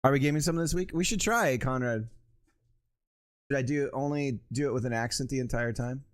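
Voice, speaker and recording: A man's voice: medium pitch, a little fast. A man streaming live, chatting casually and joking with his viewers. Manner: playful, calls out to a pet in a sing-song voice.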